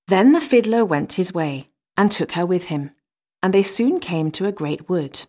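Lady reading a fairy tale, lowish voice, goes up and down a lot. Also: animated, moderate pace, mellow. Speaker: storyteller.

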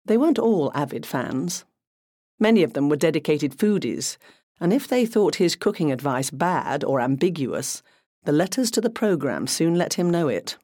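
A narrator reading a crime novel aloud in an even, measured way. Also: medium pitch, dry recording, clean studio sound. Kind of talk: scripted audiobook narration.

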